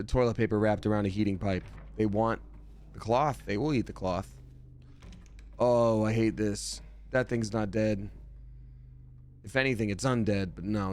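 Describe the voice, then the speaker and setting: A man's voice: fairly low pitch, a little mellow. A man giving live gameplay commentary as a streamer, chatty and jokey, thanking viewers from chat as he plays.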